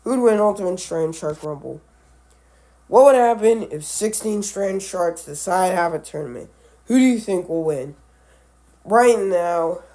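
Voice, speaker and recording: Slow, mellow-voiced man, a bit sick. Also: sits high. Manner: halting, self-correcting, stumbles over names. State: sick, voice a little off. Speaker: animal video creator. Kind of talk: casual book read-along commentary.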